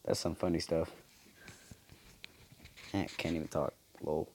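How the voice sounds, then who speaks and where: A man's voice: very deep voice, little pitch movement, measured pace, a little mellow. A young man casually commenting on his own shooter gameplay, slangy and trash-talking, joking at himself. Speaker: gamer. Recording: noisy game audio behind.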